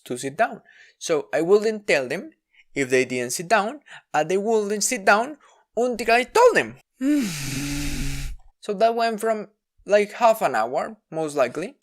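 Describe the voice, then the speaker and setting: Low-voiced woman telling a candid story. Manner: candid, wry, self-deprecating, with frequent restarts. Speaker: vlogger. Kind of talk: personal storytelling monologue.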